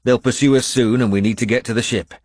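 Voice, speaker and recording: A man's voice: mid-range voice, fairly even intonation, quick pace, a little mellow, dry recording, studio quality, pitched above the performer's own voice, lightly acted. A man voicing a hardened warrior lord in an audiobook, blunt and commanding.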